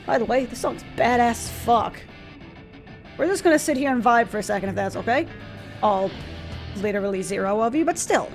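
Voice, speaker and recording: A woman's voice: a little high, animated, normal speed, long pauses, soft background music. Playful swearing young woman streamer. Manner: playful, joking, swears freely. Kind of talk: casual game commentary.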